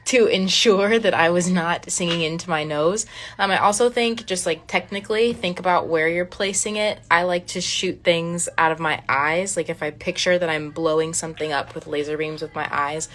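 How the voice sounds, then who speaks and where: A woman's voice: lowish voice, a bit bright, a little hiss or hum. A woman singer answering fan questions in casual chat on a phone live stream. She laughs often, restarts phrases and trails off.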